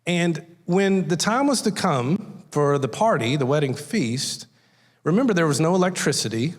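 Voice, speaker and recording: A male guest speaker preaches a conversational sermon in a church sanctuary, telling folksy stories and acting out little voices within them. His voice is fairly high with lively intonation at a moderate pace, and the recording carries a long hall reverb.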